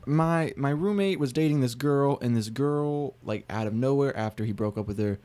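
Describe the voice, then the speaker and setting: Brief: young male co-host, casual rambling storyteller, deadpan delivery, mid-pitched. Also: moderate pace. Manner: rambling, filler-heavy, deadpan. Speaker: podcast co-host, church deacon.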